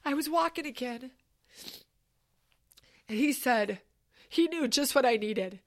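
A woman with a high voice recounts a personal story, animated and emphatic. She talks conversationally, with casual asides to the listener. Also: slow.

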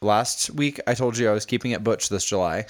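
A man's voice: fairly low pitch, brisk. A man co-hosting a podcast, chatting casually and telling stories with a playful, giggly manner. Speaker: podcast co-host. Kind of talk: casual chat.

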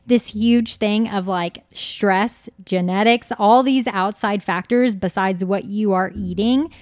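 A woman's voice: mid-range voice, slow, dry recording, clean studio sound. A woman dietitian speaking as a podcast guest, earnest and emphatic as she explains. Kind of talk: casual interview chat.

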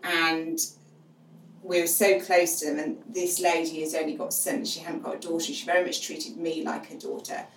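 A middle-aged woman, a guest on the show, telling her experience frankly and finding humour in dark moments. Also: low voice, level tone, moderate pace. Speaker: guest, charity co-founder. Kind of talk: candid storytelling in conversation. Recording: roomy, distant mic with faint noise.

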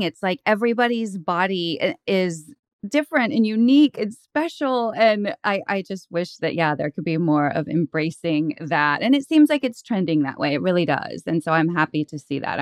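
Relaxed middle-aged woman guest, talkative, dry mic. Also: low-pitched, no room sound. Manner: chatty, fillers, laughs often. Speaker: podcast guest, author. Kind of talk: casual interview chat.

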